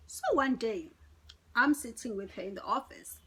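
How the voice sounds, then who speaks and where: A woman's voice: fairly high pitch, normal speed, sharp tone, a little hiss or hum. A middle-aged woman, telling a dramatic personal story to her viewers in a chatty way. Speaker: vlogger. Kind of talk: storytime vlog.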